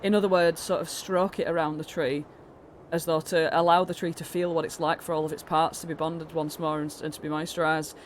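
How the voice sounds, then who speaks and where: A woman's voice: low voice, little pitch movement, fairly quick. A British woman narrating as the dungeon master of a tabletop game, rambling through descriptions with many fillers and restarts. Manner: meandering, full of fillers and restarts.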